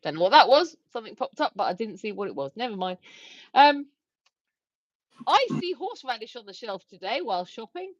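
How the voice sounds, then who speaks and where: A woman's voice: a little high, big pitch swings, brisk, no echo. A woman co-hosting a casual livestream, laughing often and reading viewer comments aloud. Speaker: livestream co-host. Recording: dry, slightly dull lo-fi stream audio.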